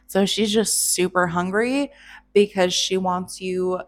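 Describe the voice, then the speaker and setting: A woman's voice: medium pitch, fairly even intonation, takes it slowly, natural voice. A woman voicing a sly male trickster god who talks in a casual, wheedling, buddy-buddy way.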